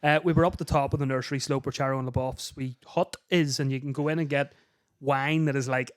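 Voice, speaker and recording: A man's voice: mid-range voice, fairly even intonation, fast. A young man, co-hosting a podcast and retelling stories with lots of swearing. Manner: swears freely, retells stories with quoted voices. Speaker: podcast co-host, son. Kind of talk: casual chat.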